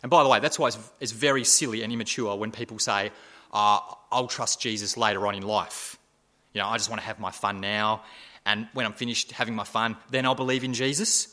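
A man preaching a sermon, asking repeated rhetorical questions and swinging between loud emphasis and hushed asides. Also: on the low side, steady tone, a little fast.

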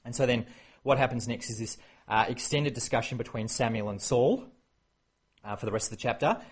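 A man preaching a sermon, animated and acting out the quoted exchanges. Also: mid-range voice, fairly quick, husky. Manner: animated, acts out quoted exchanges, many fillers.

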